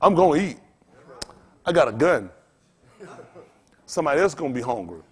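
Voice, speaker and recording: A man's voice: a little high, animated, normal speed. A man preaching to his congregation in a blunt, profane, rambling style, trading call-and-response with the room. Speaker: pastor.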